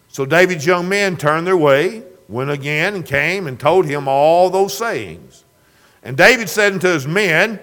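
A man's voice: a little high, a little slow, a bit bright. A man preaching a sermon in an earnest, plainspoken way, putting direct questions to his listeners.

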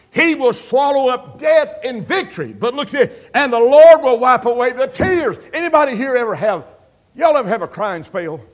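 Preacher man, high pitched, goes quiet then shouts it out, middle aged. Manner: swings between hushed storytelling and loud exclamations. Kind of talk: sermon.

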